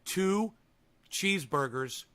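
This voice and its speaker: A man's voice: sits high, expressive, slow, a bit bright. A man hosting a livestream, reading chat comments and answering them in a profane, combative, rambling way. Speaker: livestream host.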